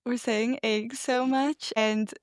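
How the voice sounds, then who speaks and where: Giggly young woman, slow and dry. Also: fairly high pitch, fairly even intonation, no room sound. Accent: Pacific Northwest US. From US Pacific Northwest. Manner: giggly, laughs often. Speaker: podcast co-host. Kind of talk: casual chat.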